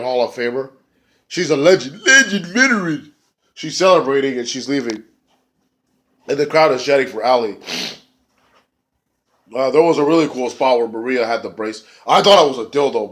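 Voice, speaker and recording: A man casually reviewing a wrestling show, excitable and profane, rambling with fillers and jumping into high squeaky voices for quotes.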